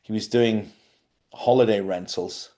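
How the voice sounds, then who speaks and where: A man hosting a spiritual live stream, chatty and animated, often laughing as he talks. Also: on the low side, unhurried. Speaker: spiritual host.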